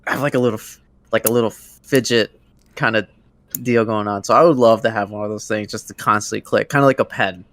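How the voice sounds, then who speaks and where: A man's voice: fairly low pitch, steady tone, brisk, fairly bright tone, no room sound. A man co-hosting a casual podcast, speaking hesitantly, repeating words and laughing often. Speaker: podcast co-host. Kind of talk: casual chat.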